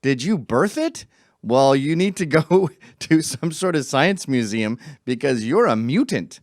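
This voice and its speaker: A middle-aged man giving a sarcastic, profane opinion monologue, swinging from quiet asides to shouting. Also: mid-range voice, lively intonation, a little slow, dry recording, clean studio sound. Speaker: commentator.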